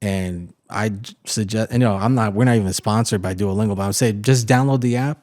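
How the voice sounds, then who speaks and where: A man's voice: lowish voice, a little mellow. A man co-hosting a podcast in casual chat, chatty and agreeable, often chiming in. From Puerto Rican heritage. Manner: chatty, agreeable, quick to chime in. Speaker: podcast co-host.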